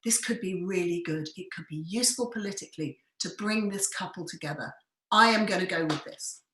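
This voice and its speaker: A woman's voice: lowish voice, fairly quick, a bit bright, pitched below the performer's own voice, close to an everyday voice. A woman voicing the musing thoughts of an older male friar who hopes to make peace. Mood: scheming. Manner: musing, hopeful inner thoughts. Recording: roomy echo.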